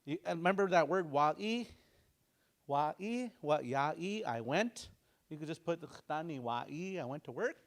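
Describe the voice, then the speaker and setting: Middle-aged guy teaching a language class, easygoing, jokes around, says words over and over slow. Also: a little high. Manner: relaxed, joking, repeats words slowly for practice. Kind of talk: casual online language lesson.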